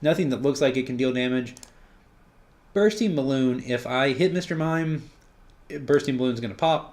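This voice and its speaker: Male gameplay commentator, mid-range voice, relaxed and chatty, thinks out loud. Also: mid-range voice, normal speed. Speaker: card game player commenting on his own match.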